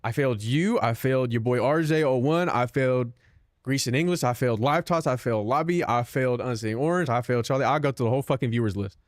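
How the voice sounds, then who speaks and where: A young man streams with a mid-range voice at a quick pace, recorded in studio quality with no room sound. He chats casually with his viewers, joking, swearing, and poking fun at himself.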